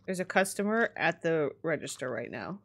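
A woman casually commenting on a life simulation game as she plays, chatty and excitable, laughing often. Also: low voice, normal speed, gravelly, a crowd in the background. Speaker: streamer. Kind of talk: casual let's-play commentary.

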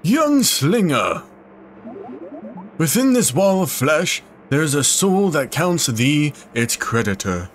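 A man's voice: on the high side, very animated, slow, pitched above the performer's own voice. A man doing a lofty, archaic theatrical adventurer. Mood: grandiose. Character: grand, old-fashioned male adventurer, theatrical. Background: game music.

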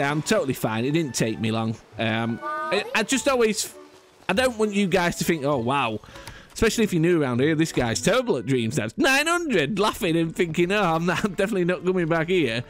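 A man's voice: medium pitch, no echo. A man rambling through casual gameplay commentary, chatty and self-mocking with frequent restarts. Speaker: gaming YouTuber.

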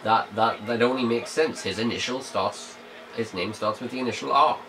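A man's voice: medium pitch, normal speed, background noise. A man casually commenting on his gameplay as a let's play host, jokey and playful, humming and muttering to himself.

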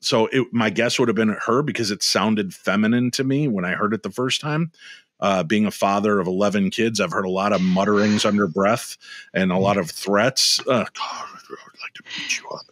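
A middle-aged man with a low-pitched voice tells stories as a guest over a video call. He acts out each exchange with lively emphasis. The sound is close and dry, with no room around it. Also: moderate pace, dry recording. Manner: animated storyteller acting out dialogue. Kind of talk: storytelling interview.

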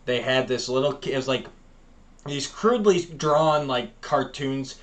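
A man's voice: medium pitch, unhurried. A man with a mid-range voice, chatting loosely on a podcast. He wanders through memories and piles on fillers and restarts as he goes. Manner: rambling, animated storytelling with fillers. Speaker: podcast co-host. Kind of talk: casual chat.

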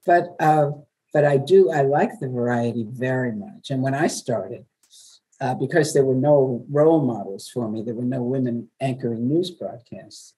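An older woman from New York, a veteran radio journalist, telling stories in a chatty, lively way as an interview guest. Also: rumbling low, moderate pace, breathy edge, rough recording. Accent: New York, softened. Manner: warm, chatty storyteller with laughs. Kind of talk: webinar interview.

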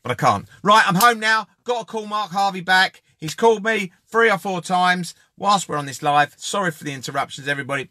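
A man's voice: high voice, fairly quick, hardly any pauses, slight background noise. A man hosting a casual live-stream giveaway, joking and calling out viewers by name. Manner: jokey, chatty, shouting out viewers by name.

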